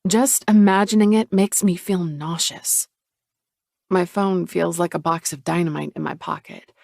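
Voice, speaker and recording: Low gravelly woman narrating a romance. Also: fairly even intonation, a little slow, darkish tone, no echo, studio quality. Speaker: audiobook narrator.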